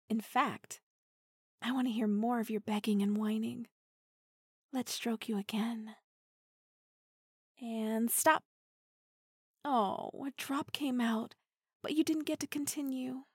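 Give me a playful, dominant young woman voiced by an actress in an intimate audio role-play, with a slightly high, breathy voice. She teases slowly and giggles often, dropping into soft half-whispers close to a dry-sounding mic. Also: steady tone, no echo, full character voice. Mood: teasing. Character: playful teasing dominant female partner.

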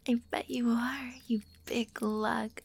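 A young woman in a whispered role-play, speaking in an intimate, teasing, affectionate breathy whisper. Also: a little high, a little hiss or hum. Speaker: audio role-play performer.

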